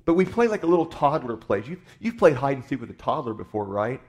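A male pastor preaching in a relaxed, storytelling way, talking to the congregation like neighbors. He is folksy and conversational, often doubling back on his own words mid-sentence, with a voice sitting right in the middle of the usual range. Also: mid-range voice, quick pace. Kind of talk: sermon.

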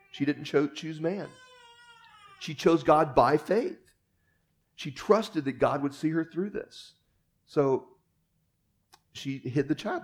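A man preaching a sermon, earnest, swelling for emphasis and then dropping to a hush. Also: a little high.

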